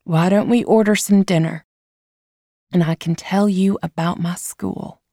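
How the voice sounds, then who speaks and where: A woman voicing a gentle, weary middle-aged mother who speaks softly and earnestly in a storybook reading. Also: lowish voice, fairly even intonation, measured pace, no room sound, studio quality.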